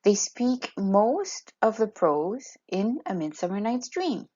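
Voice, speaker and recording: A woman teacher explaining in a clear, step-by-step way and reading examples aloud with a steady beat. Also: mid-range voice, takes it slowly, highs cut off. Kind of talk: recorded classroom lesson.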